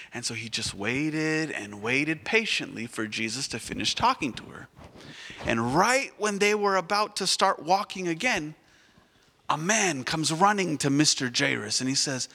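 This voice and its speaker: Man, children's sermon, lively expressive pitch, unhurried, echoey church hall. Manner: animated, asks the children questions.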